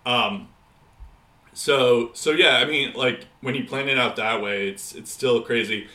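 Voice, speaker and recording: A man's voice: medium pitch, unhurried, pushed and bright, echoey room. A man co-hosting a casual podcast chat, rambling with many fillers and restarts. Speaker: podcast co-host.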